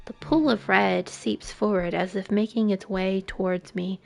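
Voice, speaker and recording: A woman streamer reading a visual novel aloud, slow and emotive, with frequent soft, breathy asides. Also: medium pitch, fairly even intonation.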